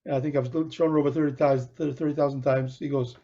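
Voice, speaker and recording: A fast-talking middle-aged man with a mid-range voice tells a lengthy anecdote while co-hosting a podcast. He animatedly impersonates the people involved and often restarts. The audio is dull, lo-fi podcast quality.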